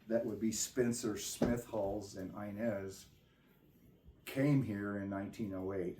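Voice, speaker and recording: A man telling a family history in a casual, unhurried way, pausing to think as he goes. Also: lowish voice, dark tone, reverberant, a little hiss or hum. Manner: unhurried, thinking aloud with ums. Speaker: family member recounting history.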